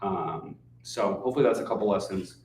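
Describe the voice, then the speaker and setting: A man's voice: low-pitched, fairly quick, darkish tone, a little hiss or hum. A man giving a casual, conversational talk as a guest speaker at a real estate meetup. He swears now and then and keeps checking in with "right?". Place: meetup room. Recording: echoey room, distant mic.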